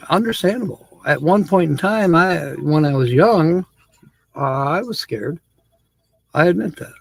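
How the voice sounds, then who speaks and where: A man's voice: on the high side, gravelly, no echo. A man hosting a live stream, chatting casually with viewers, laughing often and reading comments aloud.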